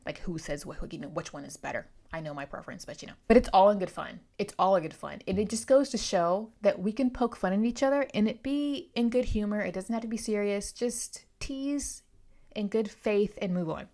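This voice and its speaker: A woman's voice: medium pitch, fairly quick, dark tone. A woman with an American East Coast accent chatting to camera as a book reviewer, rambling into tangents and laughing easily. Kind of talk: casual chat to camera.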